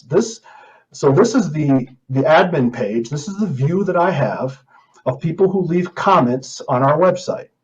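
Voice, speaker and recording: A man's voice: on the high side, a little mellow, dull audio. A man hosting an opinion podcast, talking in an indignant, emphatic way and reading out comments. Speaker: podcast host.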